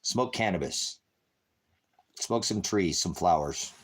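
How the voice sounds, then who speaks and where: A man's voice: low-pitched, expressive, slow, slightly rough. A man hosting a rambling livestream, cracking jokes, swearing freely and urging viewers to act. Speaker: livestream host. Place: high desert home.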